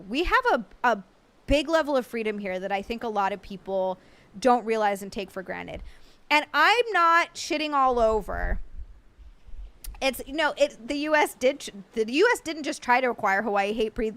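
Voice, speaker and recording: Reading viewer comments and rambling through casual talk with the odd swear word, an American woman streams live. Her slightly high, fairly bright voice has no room sound around it.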